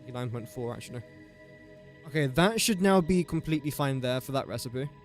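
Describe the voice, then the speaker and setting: A man's voice: mid-range voice, lively intonation, fairly quick, soft background music. A man chatting on a game live stream, thinking aloud through sums and joking with viewers. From England. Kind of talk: casual live-stream chat.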